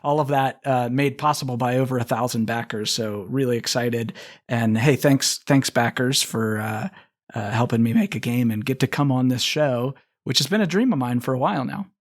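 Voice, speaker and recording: A man talking about his tabletop game on a podcast in a friendly, relaxed way. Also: mid-range voice, normal speed. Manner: friendly, relaxed, mildly dramatic when reading. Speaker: podcast guest and game designer. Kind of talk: casual chat and reading an intro aloud.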